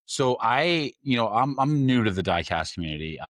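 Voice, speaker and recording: A man's voice: mid-range voice, moderate pace, dry recording, studio quality. A man in his forties co-hosting a podcast, chatting casually with lots of filler words. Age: 40s. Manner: relaxed, chatty, plenty of "like" fillers. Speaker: podcast co-host. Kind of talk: casual chat.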